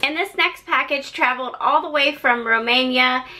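A woman's voice: high voice, normal speed, sharp tone, slight background noise, low-quality recording. A woman vlogger casually opening fan mail on camera, gushing and effusive over each gift. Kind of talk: casual haul vlog.

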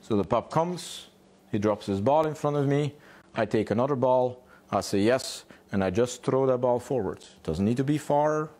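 A man's voice: medium pitch, lively intonation, normal speed, warm tone. A man, a dog trainer, explaining puppy play in a home garage, asking rhetorical questions and answering them himself. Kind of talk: instructional talk.

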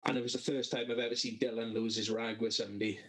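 A man co-hosting a podcast, telling a long anecdote in a loose, sweary, rambling way. His pitch sits in an ordinary middle range, and he chats among friends. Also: flat delivery, quick pace, a bit bright, low-quality recording. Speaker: podcast co-host. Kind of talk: casual storytelling among friends.

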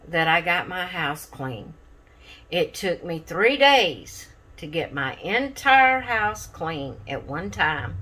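A tired woman chats on her craft vlog in a low voice. She talks very slowly, rambling along in an easy, unhurried way. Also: pushed and bright. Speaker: craft channel host. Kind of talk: casual craft vlog chat.

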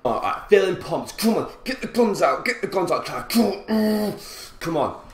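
A man commentating his own football video game play, frustrated and swearing, with sudden loud outbursts. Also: on the high side, big pitch swings, fairly quick. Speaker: gaming commentator. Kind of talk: gameplay commentary. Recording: roomy echo.

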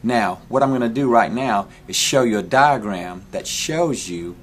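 Male guitar instructor, slow and patient, lowish voice, counts strums aloud. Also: expressive, a little hiss or hum. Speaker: guitar teacher.

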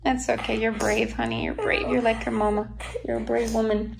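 A woman's voice: fairly high pitch, level tone, fairly quick, creaky, very noisy. A woman, a mother, chatting and soothing her daughter in a doctor's office, laughing often. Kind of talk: casual chat, comforting a child.

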